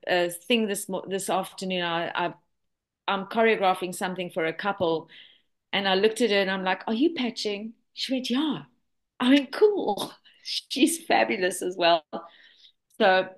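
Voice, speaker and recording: A woman in her sixties from South Africa speaks in an animated, chatty way, full of fillers and personal asides. Her voice sits at a middle pitch, and she sounds like she is on a video call. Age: 60s. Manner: chatty, enthusiastic testimonial with many fillers. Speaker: presenter. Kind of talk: online product presentation.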